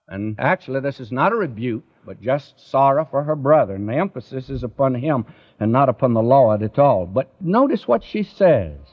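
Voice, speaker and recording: A man's voice: medium pitch, sing-song, moderate pace. A man preaching a sermon in an earnest way, often turning to the listeners with direct questions. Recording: dull lo-fi recording.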